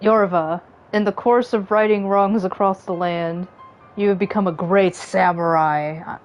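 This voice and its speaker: Old samurai sensei from a game, stern and solemn, slow lines, voice somewhat low as a woman streamer reads him. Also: steady tone, faint music behind, close to an everyday voice. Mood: proud. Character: old male samurai master, stern and dignified. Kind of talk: reading game dialogue aloud.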